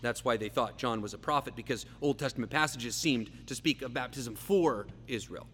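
A man preaching a verse-by-verse sermon, emphatic, slowing down and repeating key phrases for weight. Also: mid-range voice, fairly bright tone. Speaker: pastor. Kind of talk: expository sermon. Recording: long reverb, faint hum.

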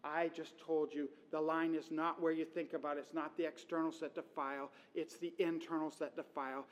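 High-voiced preacher in a reverberant hall. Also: male voice, brisk. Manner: conversational, animated storytelling. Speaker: pastor. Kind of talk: sermon.

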